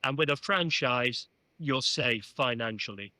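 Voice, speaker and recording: An older man from England, a podcast guest, telling animated anecdotes and often saying "you know". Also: medium pitch, a little slow, no echo, low-quality recording. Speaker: podcast guest, former club chairman. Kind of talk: storytelling in an interview.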